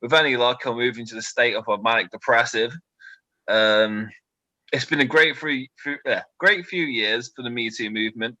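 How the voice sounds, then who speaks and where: A British man in his twenties doing a stand-up set, delivering deadpan one-liners with nervous asides to a quiet crowd. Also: mid-range voice, normal speed, no echo, lo-fi sound. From Britain. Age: 20s. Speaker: stand-up comedian.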